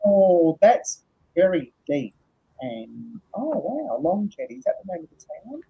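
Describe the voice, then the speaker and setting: A tired woman hosting a casual live chat, laughing often and reading out viewers' comments in a husky voice. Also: mid-range voice, very animated, measured pace. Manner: chatty, laughs often, reads comments aloud. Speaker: host. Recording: dull lo-fi stream audio.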